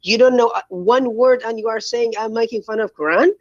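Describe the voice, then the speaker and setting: A man's voice: very high voice, brisk, no echo, dull audio. A man with an Arabic accent in a heated call-in debate, hesitant and repeating himself as he tries to get a word in. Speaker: caller in a debate.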